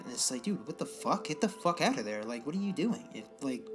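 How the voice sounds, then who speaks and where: A man's voice: fairly high pitch, sing-song, fast, few pauses, music in the background. A young man co-hosting a casual podcast, rambling and swearing through exasperated rants. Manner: rambling, profane, exasperated ranting. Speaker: podcast co-host.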